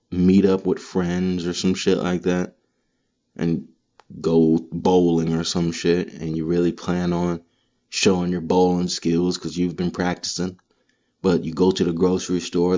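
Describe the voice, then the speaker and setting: A man's voice: deep voice, muffled recording. A man hosting a podcast, delivering a casual comedic monologue that rambles, swears freely and tells stories with energy. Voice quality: profane, rambling, animated storytelling. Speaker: podcast host.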